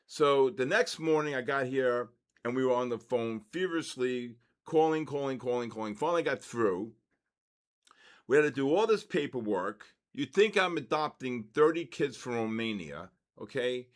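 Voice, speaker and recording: A man in his sixties hosting a live trading session, telling stories in a casual, animated way and tagging his sentences with quick checks to the audience. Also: medium pitch. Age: 60s. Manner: animated, keeps tagging 'right?' and 'okay?'. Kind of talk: casual livestream storytelling.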